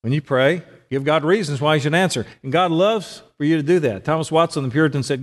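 A man's voice: on the high side, fast talker, few pauses. Man preaching in an echoing hall. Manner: conversational, asks the audience questions. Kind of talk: sermon.

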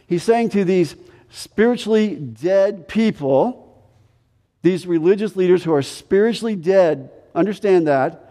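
A pastor preaching in a church hall, his voice a touch higher than most men's yet mellow and soft-edged. He presses his points by repeating words and swings between raised emphasis and quiet intensity. A long reverb trails every phrase. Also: expressive, unhurried. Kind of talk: sermon. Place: church sanctuary.

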